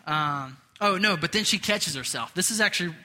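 High, very bright-voiced preaching man. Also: expressive, moderate pace. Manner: casual, chatty, self-deprecating asides. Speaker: pastor. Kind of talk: conversational sermon. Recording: long reverb of a large hall.

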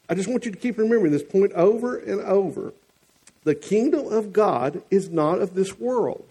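A man's voice: high-pitched, dark tone, slightly rough. A man with a Southern US accent preaching a sermon as the church's pastor, folksy and teasing one moment, earnest the next.

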